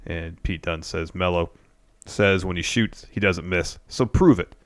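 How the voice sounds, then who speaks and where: A man's voice: sits low, little pitch movement, a little slow, a bit bright, no room sound, studio quality. A man co-hosting a casual podcast, steadily recapping events and reading out quotes. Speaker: co-host.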